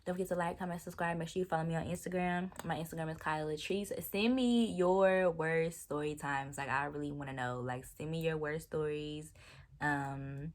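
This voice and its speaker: A young woman talks straight to the camera, retelling a bad date with lively disbelief and plenty of slang. Her voice sits low for a woman, and she sounds casual and chatty the whole way through. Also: quick pace, hardly any pauses. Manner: animated, exasperated storytelling with slang. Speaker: vlogger. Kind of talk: casual storytime chat.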